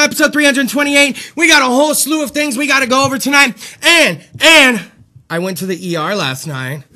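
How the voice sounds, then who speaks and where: A man hosting a comedic live-stream talk show, loud, crude and rambling, a little out of breath. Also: very high voice. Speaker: podcast host.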